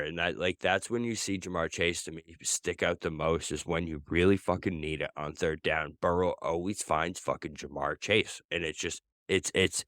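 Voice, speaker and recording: A man with a low, slightly bright voice co-hosts a sports podcast, chatting casually. He rambles, swears freely and keeps restarting sentences, and the recording is clean studio sound with no echo.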